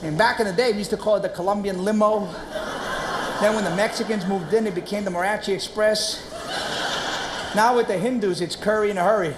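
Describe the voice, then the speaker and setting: A brash New man works a theater crowd in a one-man comedy show, talking streetwise and animated. The stage sound is roomy, with noise all around him. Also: sits high, brisk. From Queens, New York. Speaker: comedian and actor.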